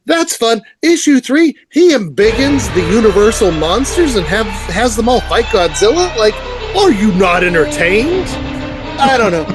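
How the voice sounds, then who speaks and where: A man co-hosting a podcast, talking in a rambling, enthusiastic way and laughing often. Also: high-pitched. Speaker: podcast co-host. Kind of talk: casual comic book review chat.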